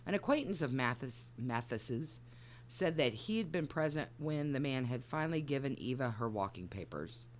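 A woman on a podcast who reads a story aloud and breaks off for dry, teasing asides. Her pitch rises and falls widely as she goes, and a faint hum sits under the recording. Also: expressive, normal speed. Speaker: podcast co-host and story reader. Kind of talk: casual comedic chat and narrating a story.

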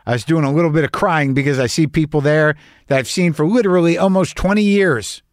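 Man, fifties, from new mexico, podcast host, wry, confessional, swears, slightly high voice, dry close mic. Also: fairly quick, no echo. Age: 50s. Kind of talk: casual monologue.

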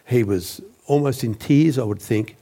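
A man, a former journalist, recounting a story as a guest in a measured, deliberate way. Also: mid-range voice, warm tone. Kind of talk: storytelling interview.

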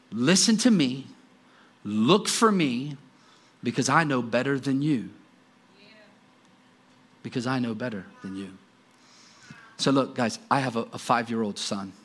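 Lively-voiced man in his forties preaching. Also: medium pitch. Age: 40s. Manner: storytelling with self-deprecating humor and laughs. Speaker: pastor. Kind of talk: sermon.

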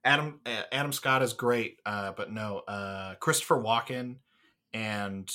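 A young man in casual podcast chat, talking in long enthusiastic runs full of fillers and the odd swear word. His voice is bright and forward. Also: lowish voice, measured pace. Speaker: podcast co-host.

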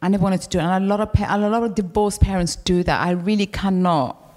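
A middle-aged woman guest speaking candidly on a live stage, telling stories in a frank, animated way and swearing freely. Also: mid-range voice, fast talker. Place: live venue with audience.

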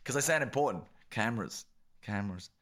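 A man co-hosts a relaxed podcast chat, riffing and laughing as he goes. His voice is bright and swings lively up and down. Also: lowish voice, a little fast. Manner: animated, laughs a lot, plays with words. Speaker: podcast co-host. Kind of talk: casual chat.

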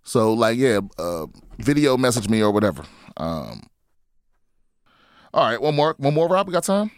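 A man's voice: mid-range voice, big pitch swings, normal speed, smooth, dry recording, studio quality. A man hosting a comedy podcast, chatting casually and answering listener questions in a blunt, profane way, stumbling over his words and restarting often.

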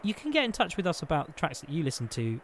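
Lively man telling a story. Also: a little high, quick pace, slight background noise. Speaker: podcast co-host. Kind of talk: animated anecdote telling. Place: podcast studio.

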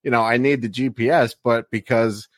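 A man's voice: mid-range voice, fairly even intonation, normal speed, dry recording, studio quality. A man hosting a podcast, talking in an easygoing, rambling way with plenty of fillers. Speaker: podcast host. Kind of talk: casual chat.

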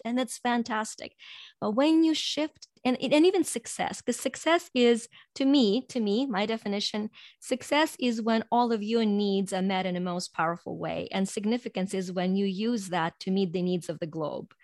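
A woman's voice: mid-range voice, no echo. Woman guest, earnest motivational speaker, mid-range voice, dry close sound. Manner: earnest, drops soft and slow when guiding breathing; laughs lightly between points. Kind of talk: reflective motivational talk.

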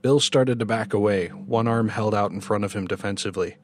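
A man with a fairly low voice narrates a horror story in a measured, dramatic style. He hosts the podcast and reads steadily with deliberate pacing.

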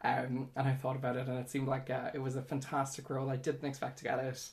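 A woman's voice: extremely low pitch, monotone, quick pace, a little mellow. A young woman in her twenties with an Irish accent, talking candidly and chattily as an interview guest, with many fillers. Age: 20s. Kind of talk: casual interview.

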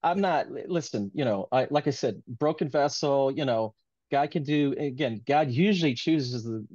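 A man of middle pitch talks earnestly and at length in a casual interview, circling back on his thoughts with heartfelt warmth. The audio is dull and lo-fi. The room is dry and close. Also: moderate pace, no echo. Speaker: author being interviewed.

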